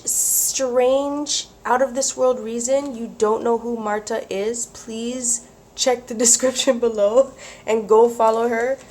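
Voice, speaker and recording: A woman vlogging about craft mail, gushing and excitable, with gasps, whispers and squeals. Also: a little high, a little hiss or hum. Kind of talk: casual chat to camera.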